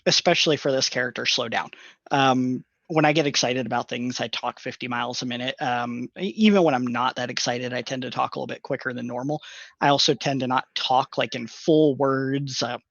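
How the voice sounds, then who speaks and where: Brief: male podcast panelist, mid-pitched, thoughtful and explanatory, lo-fi dry recording. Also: brisk, gravelly, fairly bright tone, no room sound. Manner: thoughtful, explains at length with many fillers. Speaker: podcast panelist and tabletop player. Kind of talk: casual podcast chat. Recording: dull lo-fi dry sound.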